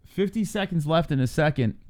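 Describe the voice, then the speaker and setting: A man commentating fights live for a reaction stream, his voice swinging up and down as he calls each strike. He talks loose and casual, with swearing, and bursts into shouts at the finishes. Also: a little high, expressive, a little fast. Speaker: host.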